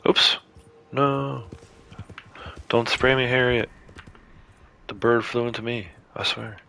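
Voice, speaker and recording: A man's voice: mid-range voice, steady tone, slow, creaky, bright, forceful tone. A man giving casual, chatty commentary to viewers while playing a game on a livestream.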